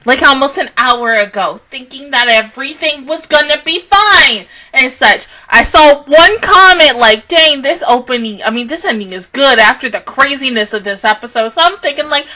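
Bright, animated woman reacting to anime. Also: high-pitched, moderate pace, hardly any pauses. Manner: expressive, swears a lot, swings between shouting and laughing. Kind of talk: excited anime reaction review.

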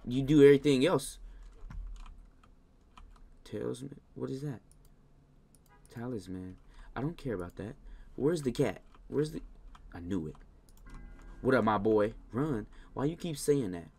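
A man narrating a video game in casual let's-play commentary, talking to the characters on screen in slangy speech. He jumps into loud, high scolding bursts, then drops back to low mumbling. His voice sits at an ordinary middle pitch, with keyboard typing behind. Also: animated, unhurried, vocal fry, long pauses, slightly rough. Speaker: gaming YouTuber.

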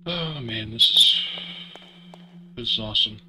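A man's voice: lowish voice, a little slow, bright, forceful tone, a little hiss or hum. A man casually muttering live commentary while playing a stealth game, swearing freely. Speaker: streamer.

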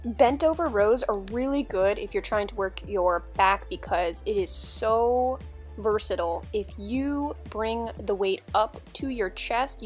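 A young woman talking through a dumbbell workout in a chatty, upbeat, instructive way, like a fitness vlogger. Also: medium pitch.

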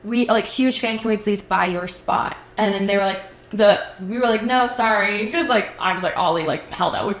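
A woman's voice: medium pitch, moderate pace, echoey room. Chatty young woman telling a story. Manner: animated storytelling, acts out quotes, many fillers. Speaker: podcast co-host. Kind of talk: casual chat.

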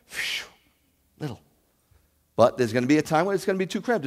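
A man preaching a sermon as a rabbi, animated, with rhetorical questions and loud scripture reading. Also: a little high, a little fast, pauses often, big-room sound. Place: congregation sanctuary.

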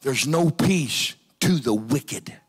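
A man preaching a revival sermon in a church, shouting and rising to high cries. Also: expressive, slow pace, slightly rough. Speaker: pastor. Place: church sanctuary.

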